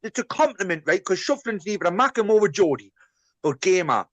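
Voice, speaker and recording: A man's voice: high voice, sing-song, a little fast, over a noisy crowd. A man from northeast England hosting a casual livestream chat from his kitchen, sweary and rambling with many restarts.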